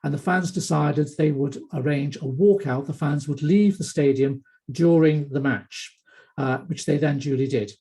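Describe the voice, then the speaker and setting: A man's voice: a little high, moderate pace, warm tone, breathy edge. A man giving an online academic lecture, talking with many hesitations and restarts. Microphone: computer mic on a video call.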